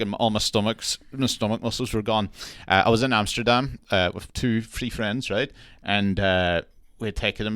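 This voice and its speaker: A man's voice: lowish voice, fairly bright tone, smooth, no echo, clean studio sound. A man co-hosting a podcast, telling stories in casual, sweary chat and laughing often. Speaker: podcast co-host.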